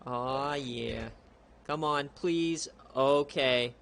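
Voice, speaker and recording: Bright-voiced casual game commentator, man. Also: mid-range voice, drawn-out words, gravelly, a little hiss or hum. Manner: laid-back and chatty, bursts into excited shouts. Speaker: league streamer.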